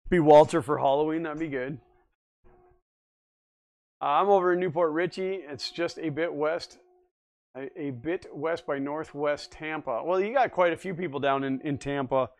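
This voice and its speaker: A man's voice: on the high side, normal speed. A man hosting a livestream, chatting casually and reading viewer comments aloud, easygoing and often laughing. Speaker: livestream host.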